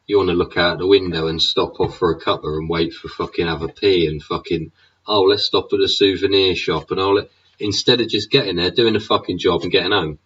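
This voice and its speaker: A show host with a low, husky voice rants through a profane monologue at a brisk clip, his tone a bit bright. He swears constantly and leans on tags like "innit" and "yeah." The recording is dull and lo-fi.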